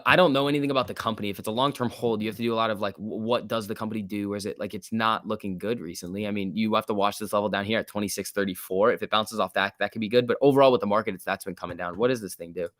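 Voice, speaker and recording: A man's voice: lowish voice, steady tone, fast, few pauses, a bit bright, no room sound, clean studio sound. A man casually commenting on a livestream and reading out chat, laid-back and chatty, laughing often. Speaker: stock market livestream host.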